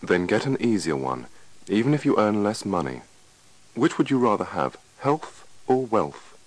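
A man voicing a steady, no-nonsense doctor who gives advice firmly and with reassurance. His low voice is a little louder and more forceful than his narration, with lively ups and downs, in a scripted lesson dialogue. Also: dry recording. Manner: firm, reassuring, measured. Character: calm, firm male doctor giving advice. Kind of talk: scripted dialogue reading for learners.

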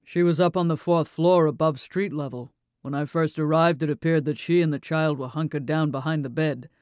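A steady police officer on the stand, voiced by a man reading the story, answering in a measured, matter-of-fact way. His voice sits a little high and comes through close and dry. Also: dry recording, natural voice. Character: calm, steady male police officer testifying.

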